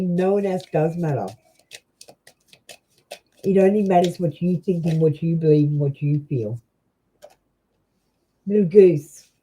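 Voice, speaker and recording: A young Australian woman reading tarot cards on a live stream, chatty and halting, with many ums and restarts. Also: on the low side, dark tone, husky, low-quality recording. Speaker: tarot reader.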